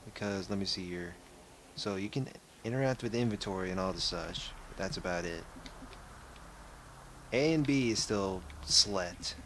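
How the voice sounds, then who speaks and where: A man's voice: deep voice, moderate pace, a bit bright, a little hiss or hum. A young man giving casual gameplay commentary, rambling and often correcting himself. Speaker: let's play gamer.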